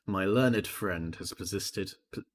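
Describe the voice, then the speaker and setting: A man's voice: low-pitched, a bit bright, exaggerated voice. A man voicing a scornful aristocrat prosecutor. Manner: slow, disdainful courtroom delivery. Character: haughty aristocratic male prosecutor, cold and scornful. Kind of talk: voicing game dialogue on a stream. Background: game music.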